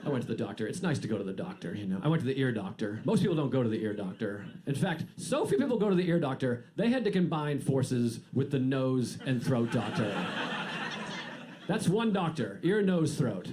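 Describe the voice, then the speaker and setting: Dry, self-deprecating comedian. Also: male voice, mid-range voice, very animated, a little fast, a crowd in the background. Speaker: stand-up comedian. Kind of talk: stand-up comedy set. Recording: noisy live set with audience laughter. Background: audience laughter.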